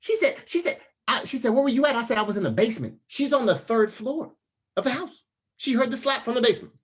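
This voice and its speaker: A man in his thirties giving a motivational talk as a storyteller, casual and slangy, acting out the other people's voices. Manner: animated storyteller, acts out voices with big pitch jumps. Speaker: motivational speaker.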